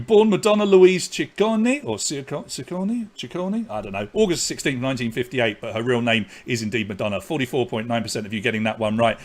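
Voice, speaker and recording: A man with an English accent hosting a live online pub quiz, reading questions and scores with chatty, jokey asides. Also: mid-range voice. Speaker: quiz host.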